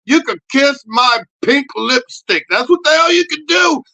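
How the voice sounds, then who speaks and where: A man voicing a brash, foul-mouthed male puppet who yells crude motivational rants. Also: very high voice, animated, a little slow, voice pushed up, heavily acted, rough recording. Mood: ranting. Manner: yelling, crude, hyped-up motivational rant.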